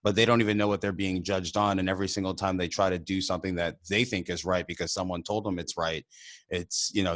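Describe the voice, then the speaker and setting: A man, an immigrant, co-hosting a podcast and telling a personal story in casual conversation, animated and often laughing. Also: low-pitched, fast talker, slight background noise. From immigrant to the country. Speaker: podcast co-host.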